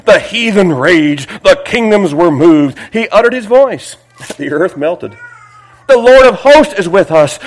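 A man preaching a sermon, reading scripture aloud with emphatic, drawn-out phrases and dropping into quiet asides. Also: high voice, rough recording. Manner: swings between loud emphatic reading and hushed asides; repeats phrases, drags out words for emphasis.

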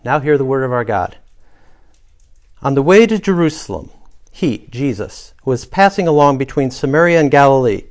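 A man preaching a sermon, telling a vivid story with hushed and loud moments. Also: mid-range voice, lively intonation, normal speed. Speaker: pastor.

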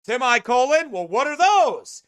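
A man preaching in a sermon-style commentary, emphatic and scornful, sometimes bursting into shouts. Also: very high-pitched, sing-song, unhurried, clear, resonant tone, dry recording, studio quality.

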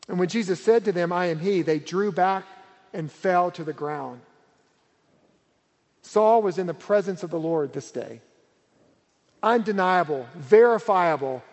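A man's voice: sits high, darkish tone. A man preaching a sermon as pastor, earnest and emphatic, repeating key words for weight. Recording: reverberant hall.

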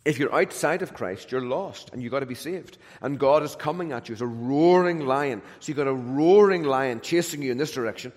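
A man preaching a sermon with emphatic, repeated phrases, swinging between loud declarations and hushed, gentle lines. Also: mid-range voice, a little fast, few pauses. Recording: long hall reverb.

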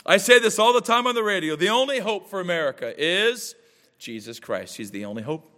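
A man preaching a sermon as pastor, with emphatic rhetorical questions and quick asides. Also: high-pitched, very animated, sharp tone, big-room sound.

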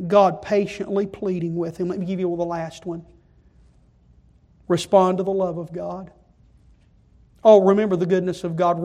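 A man preaching a sermon, moving from quiet pleading to loud, impassioned delivery. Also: high-pitched.

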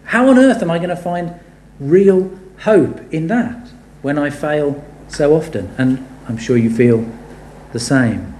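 A man preaching a sermon, animated and building to emphatic rhetorical questions. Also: on the high side, a little slow, slight background noise. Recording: echoey room.

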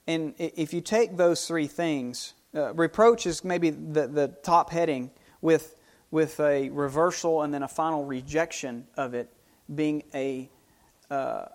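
Slow-spoken male preacher. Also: a little high. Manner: unhurried, repeats and restarts phrases. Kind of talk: sermon.

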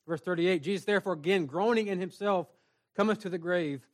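A man with a notably high voice preaches an earnest sermon to a small church congregation. He moves between plain talk and reading scripture in old-fashioned wording. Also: fairly quick. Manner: earnest preaching, reads scripture aloud in King James wording. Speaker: pastor.

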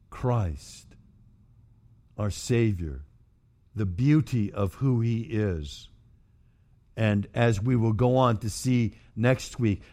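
A man preaching a sermon as pastor, moving from quiet, low passages to shouted, emphatic outbursts.

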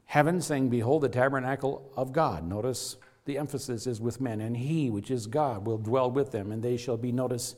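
A man preaching a sermon to his congregation, emphatic and earnest, his voice rising and falling to stress points. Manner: emphatic preaching with wide swings in pitch and loudness. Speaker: pastor.

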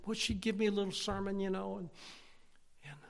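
Male preacher, high and gravelly, animated storyteller with hushed asides. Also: a little fast. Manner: animated, shifting between loud exclaiming and hushed whispers. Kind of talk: storytelling sermon.

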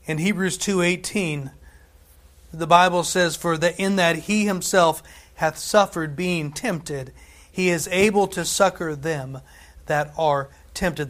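A middle-aged man preaching a sermon, emphatic and conversational, tossing in asides and slowing down to stress scripture. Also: a little high. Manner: emphatic, lifts voice and slows on scripture; conversational asides and tag questions.

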